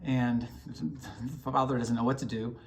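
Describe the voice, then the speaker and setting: A man's voice: medium pitch, steady tone, measured pace, a little hiss or hum. A man sending a casual video message to a friend, telling jokes in a hesitant way with many ums and restarts.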